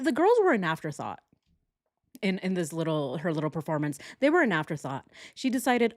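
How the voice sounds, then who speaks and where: A woman's voice: medium pitch, big pitch swings, moderate pace, no echo, studio quality. A woman hosting a true crime reaction, talking casually and sarcastically, mocking what she hears. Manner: sarcastic, mocking mimicry with laughs.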